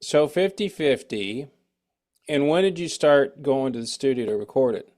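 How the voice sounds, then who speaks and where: A man's voice: medium pitch, lively intonation, normal speed, darkish tone. Casting: middle-aged man, chatty interview host, loose storyteller. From United States. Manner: rambling, anecdotal, with frequent restarts. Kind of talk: casual interview chat.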